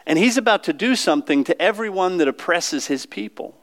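A man's voice: sits high, expressive, fairly quick. A man preaching a sermon in a conversational way, often asking the congregation questions.

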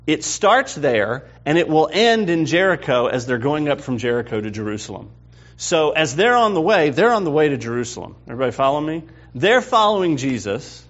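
Animated man teaching a Bible class. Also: on the high side, brisk. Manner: conversational, animated, asks the class questions. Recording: dull lo-fi recording.

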